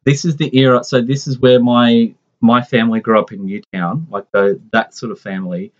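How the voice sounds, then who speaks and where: A man's voice: medium pitch, fairly even intonation, moderate pace. Rambling man telling a family story. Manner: rambling, with many restarts and asides. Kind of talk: casual conversational storytelling. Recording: dull lo-fi sound.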